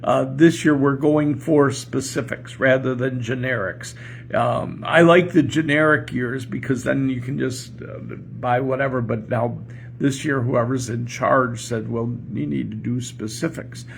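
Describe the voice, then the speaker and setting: An older man, a pastor and podcast host, speaks in a medium-pitched, steady, gravelly voice at a slightly slow pace. On his home porch he chats casually for a morning show, rambling, chuckling, and telling jokes. There's slight background noise.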